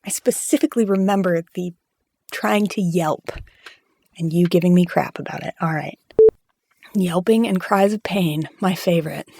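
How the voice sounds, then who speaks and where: A woman's voice: fairly low pitch, moderate pace, creaky, dark tone, no room sound. A woman voice actor in wry, casual chat between takes, complaining and joking. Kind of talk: casual studio outtake chat.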